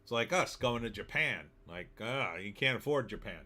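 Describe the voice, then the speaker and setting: A man's voice: medium pitch, animated, moderate pace, bright, forceful tone. A middle-aged man from New Jersey hosting a casual live stream, reading viewer comments aloud and answering them with sarcastic asides. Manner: chatty, sarcastic, reads chat comments aloud. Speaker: livestream host reading viewer chat.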